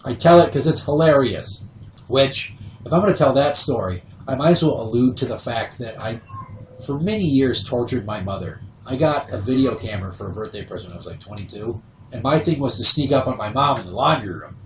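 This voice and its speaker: A man in his thirties tells stories casually on a podcast, his pitch swinging wide as he acts out other people's voices. He sits back from the mic, and the room adds a noticeable echo. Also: animated, brisk, a little hiss or hum. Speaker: podcast host. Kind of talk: casual storytelling. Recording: roomy sound, voice distant from the mic.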